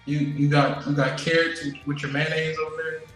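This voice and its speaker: A teasing man throws repeated jabs in a casual argument, tripping over his restarts. His slightly high voice rings in a very echoey room, with faint guitar music behind. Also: level tone, moderate pace, fairly bright tone.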